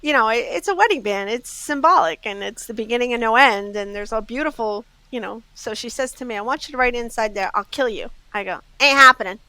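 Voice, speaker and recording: A jewelry store owner telling lively customer stories in casual chat, acting out what her customers said in a Southern US accent. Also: a little high, fairly quick, hardly any pauses, no room sound, rough recording. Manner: lively anecdotes, acts out customers' quotes. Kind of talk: casual storytelling.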